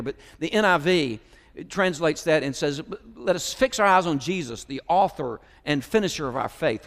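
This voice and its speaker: A man with a Southern American accent preaching a sermon, moving between soft musing and raised, emphatic preaching. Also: a little high. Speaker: pastor. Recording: hall reverb.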